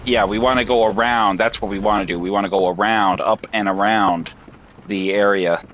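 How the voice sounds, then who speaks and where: A man's voice: fairly low pitch, steady tone, moderate pace, slight background noise. A man commenting on his own video game playthrough, swearing freely and talking to himself as he plays. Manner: swears a lot, shouts in frustration. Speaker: gaming video host. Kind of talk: let's play commentary.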